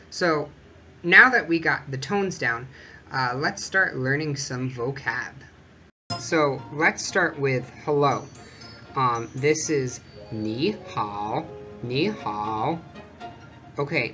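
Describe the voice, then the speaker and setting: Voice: mid-range voice, sharp tone, highs cut off. A vlogger giving a casual, chatty tutorial that walks through each point step by step.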